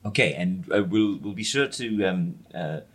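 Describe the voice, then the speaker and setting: A man's voice: sits low, expressive, normal speed, a bit bright. A man playing a tabletop role-playing game, speaking hesitantly and laughing often. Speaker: player.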